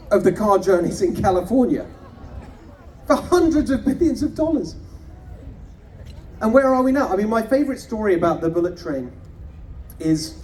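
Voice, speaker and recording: A man's voice: sits high, expressive, moderate pace, a little mellow, far from the mic, slight background noise. A man giving a punchy, mocking campaign rally speech, firing off rhetorical questions at an outdoor rally. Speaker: political candidate.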